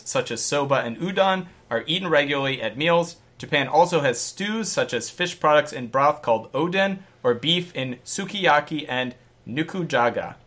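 A man reads out a listener's note on a podcast, briskly and playfully. His voice sits a little high and sounds bright and forward. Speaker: podcast host. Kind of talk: reading a listener note aloud.

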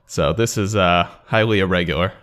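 A man's voice: deep voice, a little fast, fairly bright tone. Dry, teasing male podcast co-host. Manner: dry, teasing delivery with mock-formal intros. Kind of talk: casual podcast chat.

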